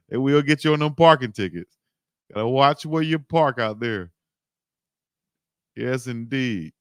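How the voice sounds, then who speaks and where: A man from South Georgia, hosting a casual livestream and chatting loosely with shout-outs. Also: mid-range voice, animated, unhurried, long pauses, smooth, no echo, studio quality. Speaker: livestream host.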